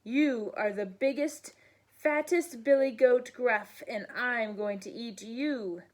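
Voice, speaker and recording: A woman voicing a smelly, greedy male troll who shouts threats from under a bridge. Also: on the high side, slow. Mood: gruff. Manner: loud, blustering, threatening.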